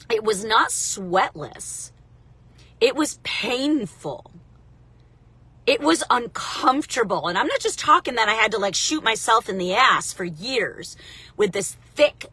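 A woman in her thirties hosting a casual motivational talk, chatty and direct with viewers, congested from allergies and clearing her throat. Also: a little high, pushed and bright, no room sound. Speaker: motivational livestream host.

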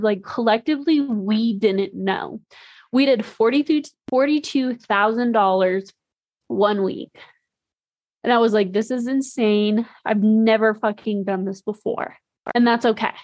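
A woman's voice: on the high side, dry recording. A young woman hosting a podcast, talking candidly in a rambling way, with lots of "like" fillers and casual swearing. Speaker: podcast host. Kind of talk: casual monologue.

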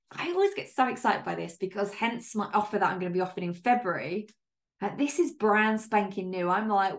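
Woman host, mid-pitch, punchy pep-talk delivery, casual swearing, chatty fillers. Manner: upbeat, emphatic, casual swearing; chatty with frequent "like" and laughs. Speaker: podcast host and business coach. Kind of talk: solo podcast monologue.

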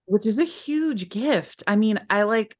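In a candid interview on a podcast, a former client talks with heartfelt honesty, rambling and restarting often. Her medium-pitched voice is animated and a little slow.

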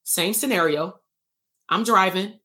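Speaking at medium pitch and an unhurried pace, this woman sounds pushed and bright. She's a bootcamp host and therapist coach running a live online workshop, animatedly telling a story, performing the dialogue, and laughing often in a casual, salty way.

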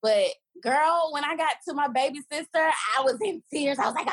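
A woman in her twenties, a podcast guest telling her story in a candid, animated way and acting out the voices of people she quotes. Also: high voice, moderate pace, hardly any pauses, dry recording, low-quality recording. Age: 20s. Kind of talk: casual storytelling.

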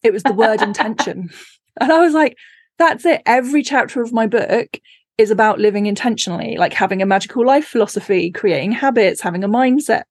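Husky woman telling lively stories. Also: mid-range voice, quick pace, no room sound, studio quality. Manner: animated storytelling, acting out her own reactions, laughs often. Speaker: podcast guest, author. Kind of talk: casual chat. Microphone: remote call.

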